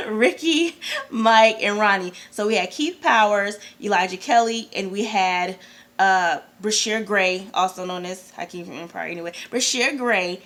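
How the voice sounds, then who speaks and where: A woman, chatting casually as a vlogger, excitable and gushing, with slangy, profane asides. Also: mid-range voice, unhurried. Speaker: vlogger reviewing an awards show. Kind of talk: casual chat.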